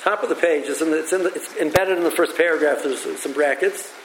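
High-voiced rabbi teaching in an echoey room. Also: male voice, a little hiss or hum. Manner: halting and repetitive, thinks aloud. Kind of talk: teaching a religious text, with stories. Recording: echoey room with faint ambience.

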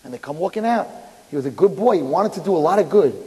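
A man telling a religious story in an animated, dramatic way. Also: on the high side, quick pace. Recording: echoey hall.

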